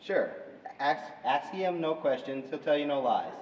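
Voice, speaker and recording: A man's voice: a little high, very animated, measured pace, noisy background. A young man in a school stage play playing a nervous, hesitant game show contestant. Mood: flustered. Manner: flustered, hesitant. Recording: muffled, echoey hall, distant mic.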